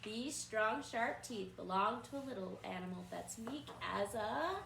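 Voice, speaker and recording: Woman, preschool teacher, slow encouraging instructions, roomy echo, distant mic. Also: a little high, lively intonation, creaky, fairly bright tone, a little hiss or hum. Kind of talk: craft lesson for young children.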